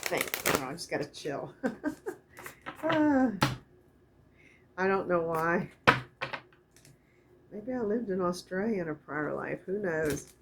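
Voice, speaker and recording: In a very noisy recording, a middle-aged woman with a lowish voice wanders softly through a casual oracle card reading, slowly reading out what each card says.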